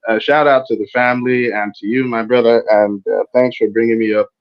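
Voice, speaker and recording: Male caller, halting speech, muffled call audio. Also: medium pitch, fairly even intonation. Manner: halting, many fillers and restarts. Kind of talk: casual chat.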